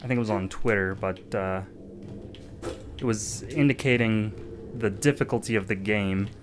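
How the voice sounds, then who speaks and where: A man's voice: fairly low pitch, normal speed. Man musing aloud over gameplay. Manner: thinking aloud, filler-heavy. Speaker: let's-play gamer. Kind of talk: casual gameplay commentary.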